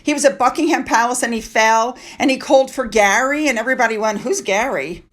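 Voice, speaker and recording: Woman, high-pitched, casual vlog chat, gossipy, talks to viewers. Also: fairly quick, fairly bright tone. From United States. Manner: chatty and gossipy, with asides to viewers. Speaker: royal news vlogger.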